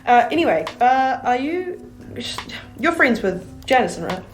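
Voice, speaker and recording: Giggly higher-voiced woman player. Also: sing-song, a little slow. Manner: giggly, casual. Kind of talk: playing a tabletop game.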